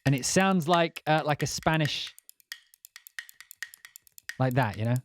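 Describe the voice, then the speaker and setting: A man's voice: on the high side, expressive, slow. Chatty man over music. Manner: chatty, rambling, laughs often. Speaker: host demoing music software. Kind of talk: casual live-stream demo. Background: music playing.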